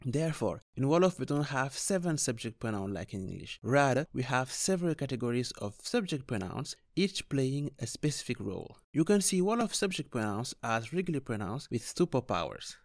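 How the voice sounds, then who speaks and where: A man teaching a scripted beginner grammar lesson, explaining clearly and steadily with examples. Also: mid-range voice, sing-song, brisk, hardly any pauses, no echo, clean studio sound. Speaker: language teacher.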